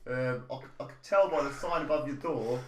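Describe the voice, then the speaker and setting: A man's voice: mid-range voice, moderate pace, a little hiss or hum, lightly acted. Man doing a blustering cockney policeman, pompous, improvised podcast skit, echoey room.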